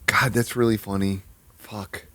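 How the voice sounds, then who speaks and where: A man chatting casually on a live stream. He swears often, thinks aloud, mocks himself and jumps into high outbursts. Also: a little slow, no room sound. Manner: excitable, swears a lot, sudden high-pitched outbursts; self-mocking, thinking aloud.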